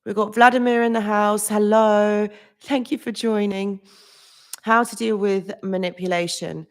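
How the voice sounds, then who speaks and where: Her mid-range voice stays steady and measured as she hosts a psychology live stream. Loose and casual, she greets viewers by name, says "literally" and "like" a lot, and frequently restarts with small laughs.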